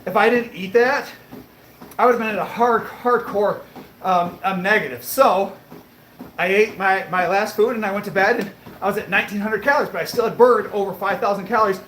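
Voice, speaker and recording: A man livestreaming while on a treadmill, chatting casually and answering viewer comments, a bit breathy as he talks between breaths. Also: sits high, fairly quick, fairly bright tone, echoey room, slight background noise, low-quality recording. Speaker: fitness livestreamer.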